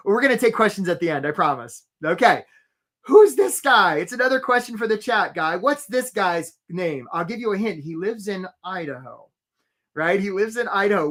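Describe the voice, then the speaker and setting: A man coaching job seekers in a live webinar, chatty and lively, telling stories and greeting viewers from the chat by name. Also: high voice. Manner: tells stories to make his points.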